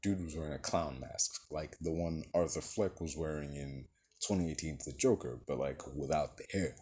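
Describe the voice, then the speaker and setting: A movie reviewer with a low, slightly mellow and somewhat rough voice gives a casual, rambling film review. He swears freely and fills his sentences with "like" and "you know."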